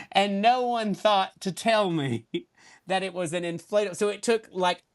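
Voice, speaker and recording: A man with a Southern US accent, a podcast guest telling stories in a lively, comic way. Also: high voice. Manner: animated, comic storyteller. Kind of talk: casual podcast storytelling.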